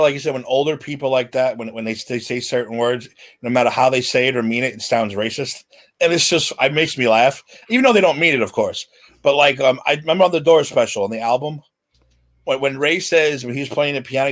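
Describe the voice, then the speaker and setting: A man's voice: mid-range voice, fast talker, fairly bright tone. Chatty man sharing music trivia. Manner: laughs easily, shares trivia. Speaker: podcast co-host. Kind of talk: casual music podcast chat.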